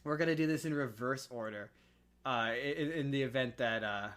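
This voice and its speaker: A man's voice: mid-range voice, normal speed, fairly bright tone. A man co-hosting a podcast, chatting casually about movies with jokey asides. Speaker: podcast co-host. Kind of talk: casual chat.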